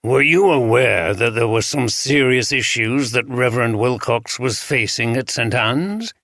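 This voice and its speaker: A man's voice: mid-range voice, a little slow, a bit bright, no room sound, studio quality. A man voicing a plain-spoken male detective chief inspector with a northern English accent. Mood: businesslike.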